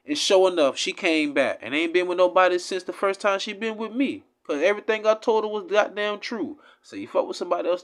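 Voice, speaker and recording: A man giving an impassioned, profane religious rant, swinging between loud outbursts and low mutters. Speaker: religious commentator.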